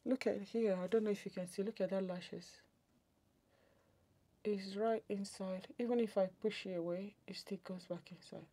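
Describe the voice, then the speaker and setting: A woman talks through her makeup routine, half to her viewers and half to herself. Her voice is soft and warm, and she sits close to the camera at home. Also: medium pitch, fairly even intonation, moderate pace. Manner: chatty, muttering to herself while doing makeup. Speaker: beauty vlogger. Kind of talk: get-ready-with-me makeup chat.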